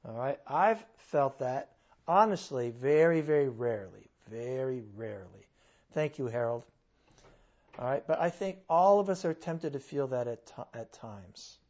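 A man's voice: on the high side, animated, unhurried, darkish tone, muffled recording. A man preaching a sermon in church, conversational and earnest, with sudden bursts of emphasis.

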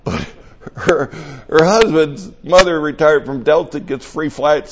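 An older man preaching a conversational sermon, telling stories in an animated and emotional way. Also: a little high, a little slow, dull audio.

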